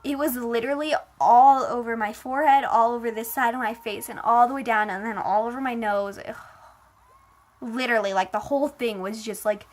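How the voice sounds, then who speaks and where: A woman's voice: on the high side, steady tone, fairly quick. A woman casually telling a personal story. She fills her talk with "like" and retells it in a dramatic, emotional way.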